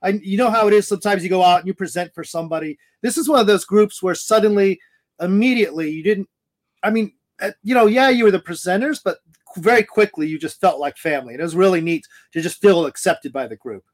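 A man's voice: high voice, quick pace. A man co-hosting a podcast in casual chat, joking and teasing his co-host.

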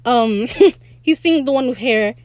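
A young woman hosting a casual solo podcast, chatty and excitable as she recaps a show. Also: on the high side, a little slow, no room sound. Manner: chatty, excitable, quotes characters in playful voices. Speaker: podcast host.

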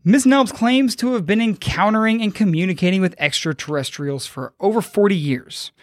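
A man's voice: high voice, moderate pace, no echo, studio quality. Man telling a story, casual and profane. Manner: loose, profane, joking retelling. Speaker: podcast host.

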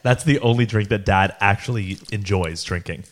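Sarcastic, teasing man with a low voice. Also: moderate pace, a little hiss or hum. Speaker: podcast co-host. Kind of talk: casual chat.

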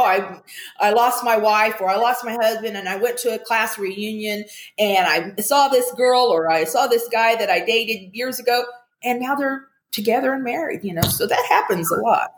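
Older woman, chatty, upbeat, slightly high pitch, video call, roomy echo. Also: moderate pace. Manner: chatty and upbeat, animated quoting. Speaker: guest, commercial actress. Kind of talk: casual chat on a video call.

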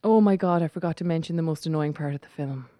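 A woman's voice: deep voice, fast, mellow, no room sound, clean studio sound. An Irish woman co-hosting a casual chat, reviewing a film with chatty, sarcastic asides. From Ireland. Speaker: co-host.

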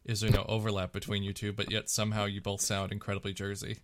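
Male co-host, lowish voice, blunt teasing, dry mic. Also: completely flat delivery, quick pace, dry recording. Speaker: podcast co-host. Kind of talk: casual group chat.

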